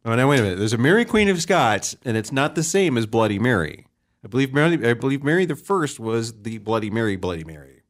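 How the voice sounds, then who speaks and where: A man hosts a casual talk show, reading historical dates and drifting into jokes. He rambles, with plenty of fillers. His voice sits at a middling pitch. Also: very animated, quick pace. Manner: rambling, joking, lots of fillers. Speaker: host.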